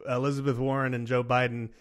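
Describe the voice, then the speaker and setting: A man co-hosting a casual podcast, explaining things in a patient, measured way with some restarts. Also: medium pitch, little pitch movement, crowd noise. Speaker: podcast co-host. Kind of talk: casual political chat.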